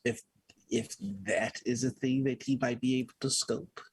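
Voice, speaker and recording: A man's voice: medium pitch, little pitch movement, normal speed, slightly rough, dry recording. A man playing a tabletop game, explaining what his character looks for in a searching, hesitant way. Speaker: player. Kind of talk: describing his character's actions.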